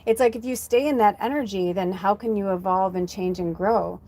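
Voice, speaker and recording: A woman working as a spiritual medium, talking in a chatty, animated way on a live-stream reading and calmly coaching listeners with encouraging affirmations. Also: medium pitch, normal speed. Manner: chatty, animated, sprinkles in "like" and "you know".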